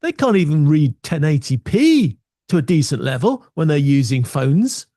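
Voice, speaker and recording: A man's voice: fairly high pitch, very animated, moderate pace, warm tone, no echo. A man giving casual, opinionated tech talk from his small home studio, full of wry asides. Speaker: video tech presenter.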